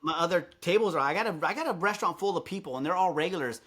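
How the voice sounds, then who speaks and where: A man's voice: high voice, very fast, slightly rough. A man, a podcast guest, telling a story in casual chat, swearing freely and acting out the people he quotes. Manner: animated, swears freely, acts out quoted lines.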